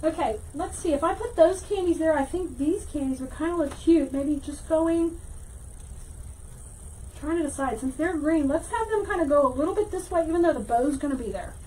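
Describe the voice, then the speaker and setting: Chatty high-voiced woman teaching wreaths. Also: normal speed, slight background noise, rough recording. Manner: chatty, reads viewer comments aloud, thinks out loud while working. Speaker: wreath-making teacher and livestream host. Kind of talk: casual livestream craft tutorial.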